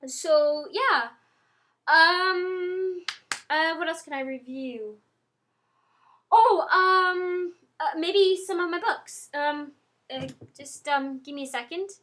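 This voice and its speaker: A young woman chatting casually to her webcam, rambling with lots of ums and restarts and getting excitable. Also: very high voice, slow pace. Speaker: vlogger. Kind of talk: casual chat to camera.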